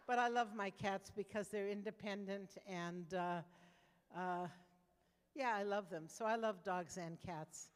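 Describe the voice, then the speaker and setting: A woman's voice: mid-range voice, a little slow, clear, resonant tone, long reverb tail. Brash older woman stand-up comic. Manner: brash, conversational, with repeated restarts. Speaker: stand-up comedian. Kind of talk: stand-up comedy storytelling.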